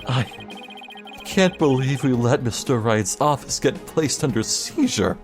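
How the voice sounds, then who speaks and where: An earnest young lawyer, as a voice actor plays him, rattled and exasperated. His voice sits at a middle pitch. Faint music runs under this game dub. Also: expressive, measured pace, lightly acted. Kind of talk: amateur video game voice-over.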